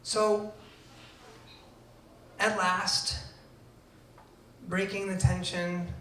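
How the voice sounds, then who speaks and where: A man telling a true personal story to a live audience, acting out quoted lines and swinging between hushed and loud delivery. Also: high-pitched, little pitch movement, extremely slow, a little hiss or hum. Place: event venue before an audience. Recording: roomy venue, voice from far off.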